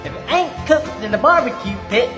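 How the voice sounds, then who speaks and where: A man playing a loud, hollering redneck wrestler persona with a Southern drawl in a broadcast clip. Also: very high voice, expressive, moderate pace. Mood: rowdy. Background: music playing.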